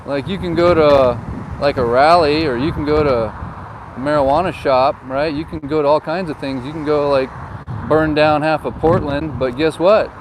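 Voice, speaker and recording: A man giving casual, joking tour commentary while driving, filmed on a phone. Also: on the high side. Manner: chatty, jokey, tells anecdotes. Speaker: real estate agent vlogger. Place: in a car driving outdoors. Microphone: phone camera. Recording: windy outdoor phone recording. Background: wind and traffic noise.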